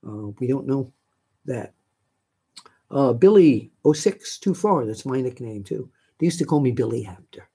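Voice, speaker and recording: An older New York man hosts a live stream, answering viewer questions in a chatty, rambling way full of fillers. His voice is medium-pitched and dark with a breathy edge.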